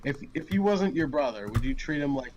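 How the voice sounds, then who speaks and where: A man's voice: mid-range voice, lively intonation, brisk, darkish tone. Defensive young man streaming. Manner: defensive, rambling, restarts often. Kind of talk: casual argument on stream.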